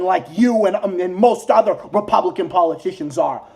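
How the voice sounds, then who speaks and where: A man's voice: high-pitched, normal speed, gravelly, darkish tone. Heated American male vlogger, profane political rant, repetitive. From United States. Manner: heated, profane, repeats insults over and over. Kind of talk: angry ranting monologue.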